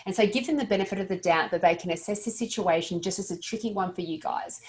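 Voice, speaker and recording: Talking fast in a mid-range voice, a woman delivers an earnest, practical lesson to dental practice staff. She sometimes stumbles and begins her sentences over.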